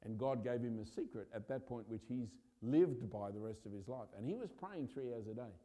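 A man, a pastor, preaching a sermon with impassioned urgency that builds to loud peaks. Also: medium pitch, lively intonation, normal speed.

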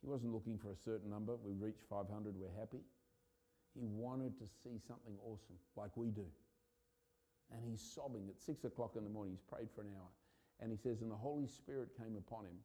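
A man, a pastor, preaching a sermon with impassioned urgency that builds to loud peaks. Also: lowish voice, steady tone, a little fast.

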